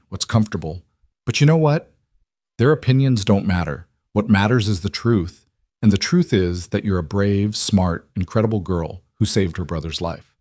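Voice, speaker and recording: A man voicing a protective male rancher who has just become a father, with plain, steady, reassuring speech. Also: on the low side, no room sound, clean studio sound, natural voice.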